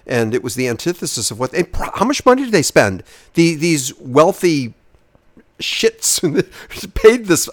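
A man co-hosting a casual movie-review podcast, talking in an animated way and often repeating himself for emphasis. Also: fairly high pitch, measured pace, no room sound. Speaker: podcast co-host.

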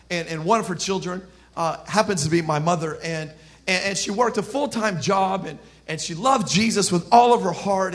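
A South Florida pastor preaches a sermon in a high voice, telling stories in an animated, joking way and shouting his punchlines.

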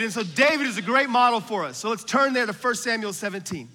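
A man preaching a sermon, moving from hushed, whispered asides to loud, shouted exhortation, with casual slang and laughter. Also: extremely high pitch, lively intonation, fast talker, a little hiss or hum. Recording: long hall reverb from a large room.

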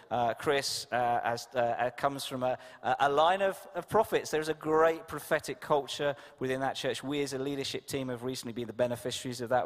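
A man introducing a guest speaker at church, halting with many fillers. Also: medium pitch. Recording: long church hall reverb.

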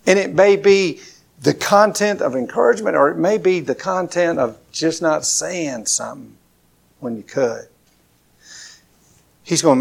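A man's voice: on the high side, unhurried, vocal fry, pauses often, slightly rough. A man from southern Alabama with a Southern accent, preaching a conversational sermon with folksy asides. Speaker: pastor.

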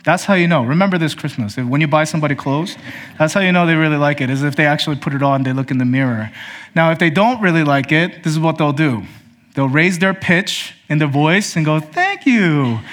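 A man preaching a sermon to his congregation, emphatic and direct, calling them brothers and sisters, swinging from high pointed questions down to low, quiet statements. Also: fairly quick. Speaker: pastor.

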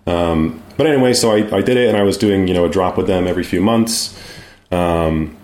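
A man's voice: low-pitched, brisk, a little mellow, roomy sound. A man talking as a guest in a casual interview, hesitant, with many ums and restarts. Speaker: guest artist.

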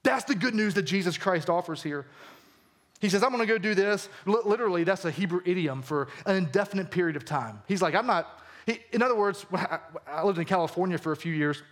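A male pastor with a Southern American accent delivers a sermon in a high-pitched voice. His manner is earnest and conversational, and he keeps turning to his listeners with direct questions. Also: fast. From Georgia, US.

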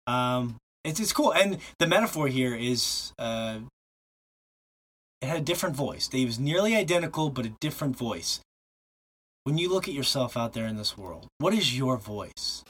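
A man's voice: mid-range voice, very animated, normal speed, a bit bright, slightly rough. A man hosting a podcast in casual chat, with playful, jokey asides. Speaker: podcast host.

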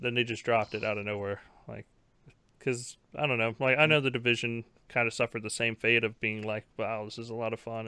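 A man's voice: medium pitch, bright, forceful tone, smooth, no echo. A man co-hosting a casual gaming podcast, joking and bantering with his friends. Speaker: podcast co-host. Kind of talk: casual gaming panel chat.

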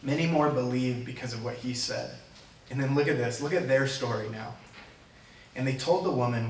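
A man's voice: mid-range voice, moderate pace, roomy sound, recorded from a distance, slight background noise, rough recording. A man preaching a sermon as a pastor in a church, earnest and conversational, talking plainly to his congregation. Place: church sanctuary.

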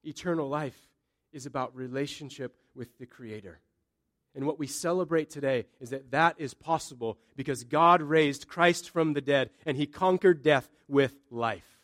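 Pastor preaching an emphatic sermon. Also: male voice, on the high side, moderate pace, a bit bright. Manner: storytelling with emphatic repeated phrases. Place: church.

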